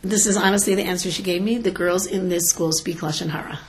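Animated woman teacher telling stories. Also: on the low side, fast talker, a little hiss or hum. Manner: animated, tells stories and acts out quotes. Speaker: teacher and school educator giving a talk. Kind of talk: lecture to parents with stories.

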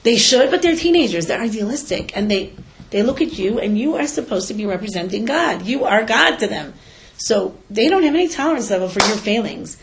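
A woman teacher speaking to an audience of parents, lively and storytelling, often acting out what people say. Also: a little high, fairly quick, a little hiss or hum. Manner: animated, tells stories and acts out quotes. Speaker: teacher and school educator giving a talk. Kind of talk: lecture to parents with stories.

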